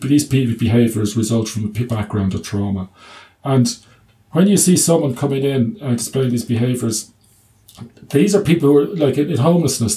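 Answering an interviewer's questions, a middle-aged man who works as a clinic doctor speaks in a mellow, medium-pitched voice. He hesitates and restarts often, livening things up with funny stories full of quoted dialogue.

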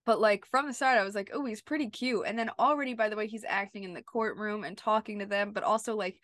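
A woman's voice: mid-range voice, fairly even intonation, fast, a bit bright, no echo. Young woman podcast co-host, giggly, says "like" a lot, dry close mic. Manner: giggly, lots of "like" and "you know". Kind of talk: casual chat.

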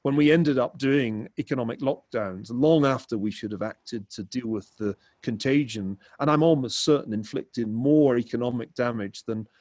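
A man on a panel discussion, speaking at a measured pace with frequent "uh" fillers. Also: mid-range voice, darkish tone, dry recording.

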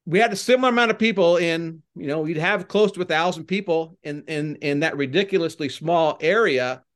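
An older man, a former baseball coach, chatting as a podcast guest and telling rambling stories that get animated when he retells crowd chants. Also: a little high, fairly quick. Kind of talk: casual podcast interview, storytelling.

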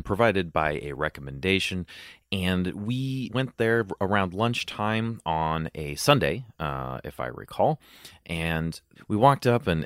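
A man's voice: low voice, a bit bright, no echo, clean studio sound. A man co-hosting a food podcast, talking in a chatty, playful way with many fillers. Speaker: podcast co-host. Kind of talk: casual chat.

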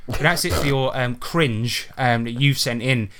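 A man's voice: mid-range voice, unhurried, a bit bright, smooth. A man hosting a podcast in casual chat. He rambles, restarts his sentences and swears freely. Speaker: podcast host.

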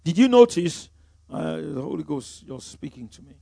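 A man preaching with a high, gravelly voice that cuts from loud bursts to near-hushed retelling. His tone carries a husky edge, and the sound is dry and close. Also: sing-song, normal speed, no room sound. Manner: emphatic, swinging from loud exclamations to hushed storytelling. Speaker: pastor. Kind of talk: sermon.

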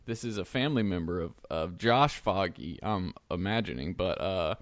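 A man's voice: sits low, lively intonation, normal speed, no room sound. A man hosting a podcast in casual chat, joking around and laughing often. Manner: joking, laughs often, breaks into mock singing. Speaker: podcast host.

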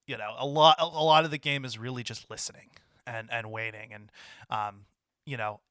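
Bright, rambling man chatting about games. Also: mid-range voice, steady tone, brisk, smooth, dry recording, studio quality. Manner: rambling with many restarts and laughs. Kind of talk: casual gaming chat.

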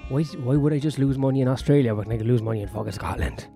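A man's voice: mid-range voice, rapid-fire, mellow, soft background music. A man ranting in a sweary, sardonic, rambling monologue as a comedian vlogging on his own.

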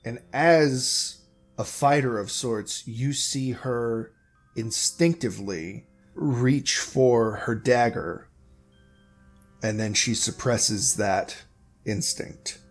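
A man narrating a tabletop game as game master, slow and descriptive with casual slang. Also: medium pitch, soft background music.

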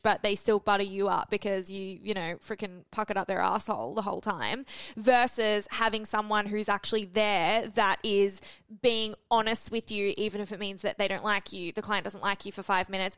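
A woman's voice: medium pitch, fairly bright tone, clear, resonant tone, no room sound. A young adult woman hosting a podcast in casual chat, candid and swearing freely. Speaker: podcast host.

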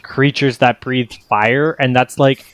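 A man's voice: mid-range voice, steady tone, measured pace, fairly bright tone. A young man narrating a tabletop game as game master, loose and full of fillers. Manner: loose, filler-heavy, laughing often.

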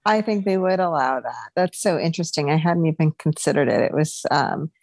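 A woman's voice: deep voice, animated, fairly quick, a little mellow, no echo. A woman co-hosting a podcast, chatting casually about a TV show with frequent laughs and hedging fillers. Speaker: podcast co-host, lawyer. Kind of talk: casual chat reviewing TV.

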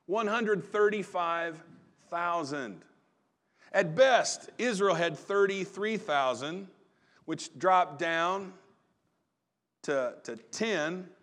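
A man preaching a sermon in a relaxed, conversational storytelling way, often restarting his phrases. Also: high voice. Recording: long reverb of a large hall.

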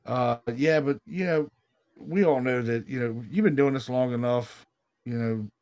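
A man with a medium-pitched voice hosts a paranormal podcast in loose, casual chat. He tells stories with rising excitement, swears freely and keeps saying "dude" and "you know what I mean.". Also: unhurried. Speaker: podcast host, paranormal investigator.

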